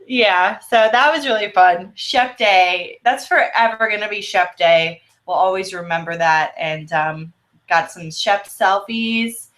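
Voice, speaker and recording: Bubbly and prone to rambling, this woman giggles frequently as she co-hosts a laid-back video-call conversation from a home office. Her voice is medium in pitch and a bit bright.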